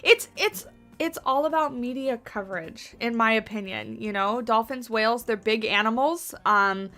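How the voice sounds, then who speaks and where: Woman streamer, bright crisp voice, a bit high, chatty and rambling, home mic with soft music behind. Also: expressive, moderate pace. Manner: chatty, rambling, talks to chat readers. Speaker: livestreamer. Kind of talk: casual chat while building in a game. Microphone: USB desktop mic on boom arm.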